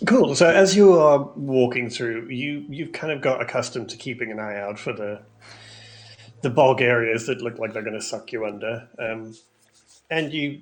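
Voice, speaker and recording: A hesitant man narrating a tabletop game as game master, with a voice of middle pitch. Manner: hesitant, full of ums, kind of. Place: home room.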